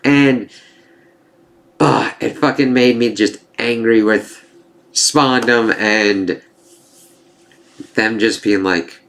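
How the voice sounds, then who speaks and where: A man's voice: on the low side, a bit bright. A man giving a casual spoken review of an anime season, rambling with fillers and swearing freely as he gets worked up.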